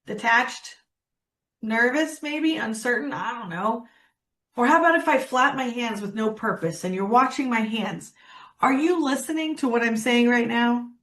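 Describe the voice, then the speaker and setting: A woman coaching public speaking, talking expressively and demonstrating lines with dramatic pauses. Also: on the high side, expressive, a bit bright. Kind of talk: workshop presentation.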